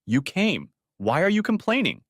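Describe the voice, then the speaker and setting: A man's voice: lowish voice, very animated, moderate pace, fairly bright tone, no room sound, studio quality. A man voicing a sly young wife who talks in a coy, teasing way in an audiobook story.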